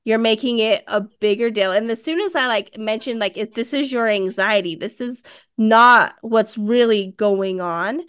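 A woman in her thirties with a slightly high voice, co-hosting a casual podcast. She tells stories with lively energy and acts out the back-and-forth as she goes. She talks like she is chatting with a friend. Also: unhurried, clean tone. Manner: animated storytelling, acts out quoted dialogue. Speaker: podcast co-host.

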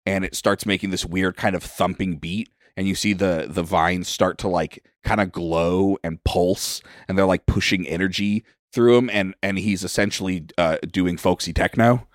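Deep-voiced man narrating a tabletop game. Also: fairly even intonation, normal speed, hardly any pauses, no echo, studio quality. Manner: casual, rambling. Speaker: game master.

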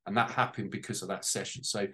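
A man talks at length to a small group, his words tumbling out in long, winding sentences. He sounds deeply moved and close to tears at times, with the open, emotional tone of a personal testimony. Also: fairly even intonation, quick pace, pushed and bright. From United Kingdom. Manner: heartfelt, close to tears, rambling. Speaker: guest on a panel.

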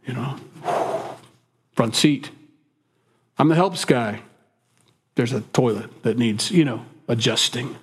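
A middle-aged man preaching a sermon as pastor, animated and acting out quotes with sarcastic humor. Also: medium pitch.

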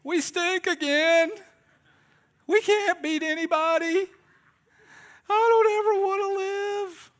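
A man's voice: very high voice, slow, pauses often, a bit bright, pitched above the performer's own voice, full character voice. A man putting on the voice of a melodramatic sports fan who wails that life is over, in a whiny, overwrought way. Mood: despairing.

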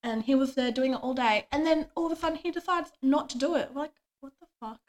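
A woman's voice: high voice, fast talker, a little mellow. A young woman, chatting casually as a podcast co-host and acting out quoted lines from her workday. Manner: chatty storytelling, acts out quoted dialogue. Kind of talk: casual chat.

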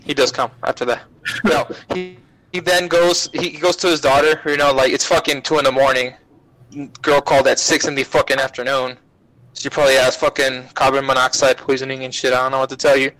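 A man guesting on a podcast, retelling an anime plot in a profane, rambling, animated way. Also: medium pitch, fairly quick, poor audio. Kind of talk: casual anime recap chat.

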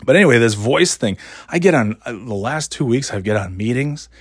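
A man's voice: mid-range voice, animated, fairly quick, husky, no room sound, studio quality. A middle-aged man hosting a casual solo podcast, rambling and joking at his own expense, with a scratchy throat left over from being sick. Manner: rambling, self-mocking, swears casually. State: scratchy throat after illness. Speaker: podcast host.

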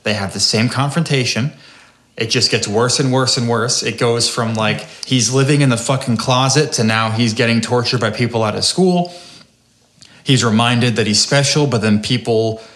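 A man's voice: mid-range voice, normal speed, a bit bright. Profane ranting man in a roomy echo. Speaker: podcast host. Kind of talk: casual podcast rant.

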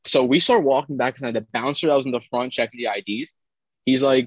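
A young man tells a rambling, crude story in a relaxed podcast chat. His voice sits in a middle range. The sound is dry and close, with no room around it. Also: medium pitch, fast, dry recording, poor audio. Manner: rambling, crude, jokey anecdote teller. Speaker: podcast co-host.

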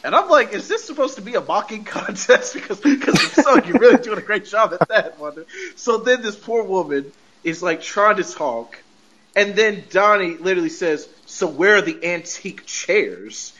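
A man's voice: sits high, lively intonation, moderate pace, a bit bright, dull audio. A podcast host casually recapping a TV episode, laughing often and acting out the characters' lines as he retells the scenes.

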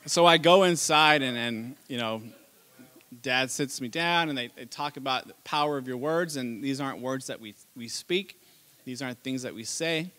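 A man preaching a sermon as pastor, telling a childhood story with animated delivery and laughter. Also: medium pitch, moderate pace.

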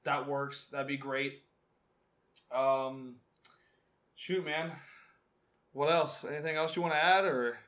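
Laid-back rambling young man, slightly high voice. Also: fairly even intonation, takes it slowly, pauses often, a bit bright. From Northern California. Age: 20s. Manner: rambling storyteller, laughs a lot, swears casually. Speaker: podcast co-host. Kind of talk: casual chat.

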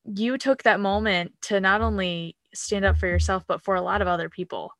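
A woman's voice: medium pitch, steady tone, normal speed, a bit bright, no echo, studio quality. A woman hosting a podcast, responding to her guest in an enthusiastic, affirming way. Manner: enthusiastic and affirming, with many fillers. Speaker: podcast host. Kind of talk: supportive interview talk.

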